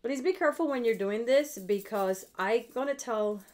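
With a slightly high, somewhat mellow voice at normal speed, a middle-aged witchcraft host gives a casual spell tutorial. She's blunt and talkative, curses liberally, and keeps checking in with her viewers.

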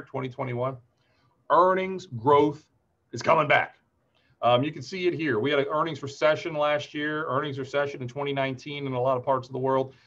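A chatty, upbeat man in his forties walks through a market outlook on a webinar, with personal stories mixed into the charts. His voice sits at an ordinary middle pitch. The audio is slightly dull and lo-fi, as if it came over a video call. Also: a bit bright. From Ohio, USA. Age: 40s. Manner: chatty, upbeat, tells anecdotes between chart talk. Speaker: market strategist presenter. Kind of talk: webinar presentation.

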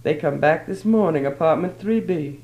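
Man doing a tired blunt neighbor lady, kinda amused, offhand, gravelly. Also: on the high side, normal speed, darkish tone, lo-fi sound, natural voice. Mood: weary, offhand. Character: wry, weary woman neighbor, blunt and amused.

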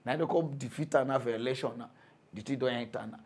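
A young man speaking Nigerian Pidgin, ranting as a mock news commentator, excitable and laughing, with big swings in loudness. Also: medium pitch, fast, breathy edge. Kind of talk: comic rant.

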